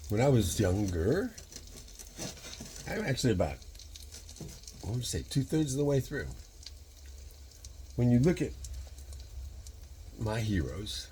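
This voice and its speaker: With a fairly low, slightly mellow voice, a Michigan man in his sixties vlogs casually as he cooks in his home kitchen. His rambling turns philosophical and comes in quick bursts, and a little hiss or hum is audible.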